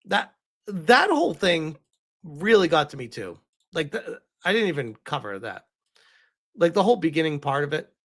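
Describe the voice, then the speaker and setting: A man's voice: fairly high pitch, very animated, normal speed, fairly bright tone. Man, live-stream commentator, emotional, rambling, restarts sentences.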